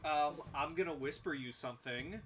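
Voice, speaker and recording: A man's voice: on the high side, fairly bright tone. Man narrating as game master. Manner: measured, descriptive narration.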